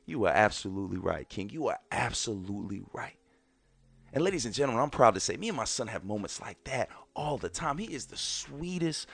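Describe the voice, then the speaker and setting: A man in his thirties with a slightly high voice hosts a podcast, recorded with no echo. He speaks casually and emphatically to listeners, repeating phrases for effect and often addressing "ladies and gentlemen."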